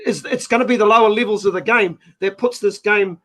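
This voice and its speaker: A man's voice: sits high, a little fast, fairly bright tone. A man hosting sports talk radio, cutting in and making his point emphatically. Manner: interrupting, emphatic. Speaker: radio host.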